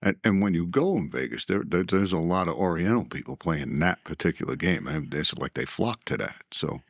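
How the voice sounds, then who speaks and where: A man hosting a casual interview, affable and quick to agree, with a gravelly voice. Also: sits low, expressive, dry recording, studio quality. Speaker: podcast host.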